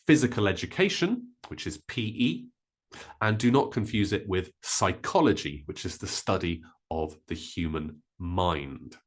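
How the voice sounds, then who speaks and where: A man teaching a vocabulary lesson, modelling each word slowly and carefully. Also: fairly low pitch. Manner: slow, careful, with drawn-out model words. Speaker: English teacher.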